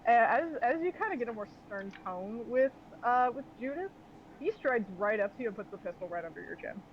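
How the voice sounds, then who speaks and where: High-voiced man narrating a tabletop game. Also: lively intonation, fairly quick, dull audio, a little hiss or hum. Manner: loose, filler-heavy narration. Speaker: game master.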